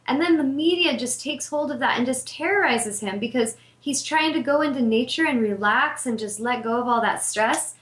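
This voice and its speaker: A woman's voice: high voice, normal speed, few pauses, a bit bright. A woman hosting a show as an intuitive healer, talking in an earnest, heartfelt and candid way about meditation and spirit. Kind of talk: spiritual talk monologue. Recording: echoey room.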